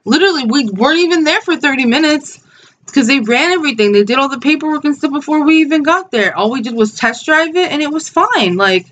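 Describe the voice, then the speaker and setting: A woman's voice: high voice, lively intonation, quick pace, a bit bright. A woman, telling a story in a casual vlog, blunt and swearing freely, with lots of "like" and "dude". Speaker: vlogger.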